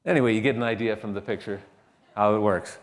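A man's voice: fairly low pitch, quick pace, in a large hall. A man preaching a sermon, emphatic and repeating key phrases with shifting stress. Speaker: pastor.

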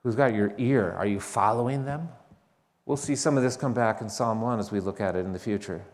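A man's voice: fairly low pitch, brisk, big-room sound. A man preaching a sermon, emphatic and repeating key phrases with shifting stress. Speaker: pastor.

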